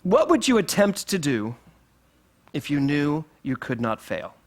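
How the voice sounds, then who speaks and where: A middle-aged male minister delivers a sermon in a spiritual center, his fairly high voice swooping up and down as he drives his points home. He is playful and animated, laughing his way through the lines. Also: unhurried.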